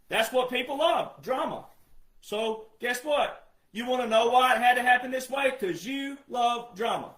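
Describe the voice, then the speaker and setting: A man delivering a heated, scolding monologue, firing off repeated rhetorical questions and often raising his voice to a shout. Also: extremely high pitch, unhurried, reverberant. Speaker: online commentator. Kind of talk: ranting monologue.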